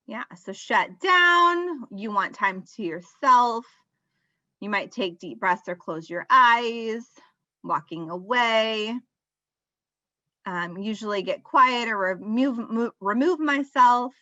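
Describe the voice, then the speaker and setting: A woman in her thirties with a bright, forceful voice gives a relaxed webinar talk on parenting. She explains things conversationally and uses relatable examples. The sound is dry and a little dull, like a lo-fi recording. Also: on the high side, no room sound. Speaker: parenting workshop presenter. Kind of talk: live webinar presentation.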